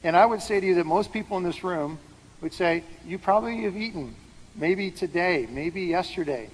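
A man's voice: high voice, normal speed, husky. A man preaching a sermon, explaining scripture in a conversational way and putting questions to the room. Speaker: pastor. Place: large hall with an audience. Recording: hall reverb with faint background noise.

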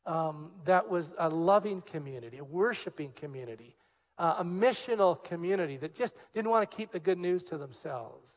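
An older man preaching a sermon as a pastor, telling a personal story with lively acted-out dialogue before turning to scripture. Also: a little high, normal speed, long reverb tail. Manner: animated storyteller, acts out quoted dialogue.

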